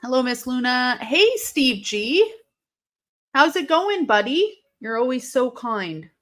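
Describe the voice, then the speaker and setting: A woman hosts a relaxed live watch-along, talking at an unhurried pace in a fairly high voice. She chats with her viewers between matches and bursts into excited shouts at big moments. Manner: chatty, reads and answers live chat; sudden excited outbursts at the action. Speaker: live stream host.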